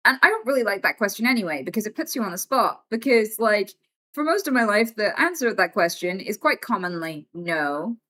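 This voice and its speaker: Blunt, bright-voiced woman streamer. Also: fairly high pitch, sing-song, fairly quick. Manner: blunt, exasperated, frank. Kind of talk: casual livestream chat.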